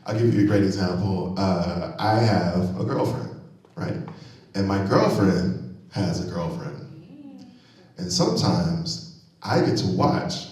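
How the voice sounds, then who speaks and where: A man doing a stand-up comedy set on stage, animated and loud on punchlines, laughing at his own jokes. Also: low voice, takes it slowly. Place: comedy venue stage, live audience. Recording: very echoey hall, mic from far off.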